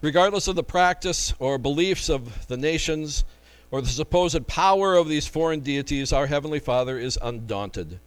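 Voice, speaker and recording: Male pastor, high voice, conversational preaching style, rhetorical questions. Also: expressive, normal speed, clear, resonant tone, rough recording. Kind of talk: sermon.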